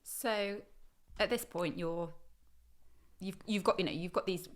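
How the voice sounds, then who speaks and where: Lower-voiced woman asking gentle questions. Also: measured pace. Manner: supportive, prompting with short questions and backchannels. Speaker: podcast co-host. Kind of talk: conversational interview.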